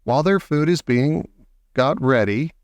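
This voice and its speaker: A man's voice: a little high, lively intonation, a little slow, dry recording. A man reading aloud and voicing a clever young boy, turned into a mouse, speaking earnestly.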